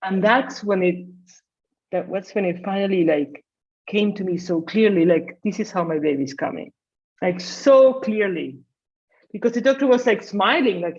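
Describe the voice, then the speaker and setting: A woman's voice: mid-range voice, normal speed. A woman in her forties, a physician guest, telling her story in a casual interview and acting out her own past lines. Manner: animated, acts out her own past dialogue. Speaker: guest, family medicine physician. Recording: slightly muffled audio.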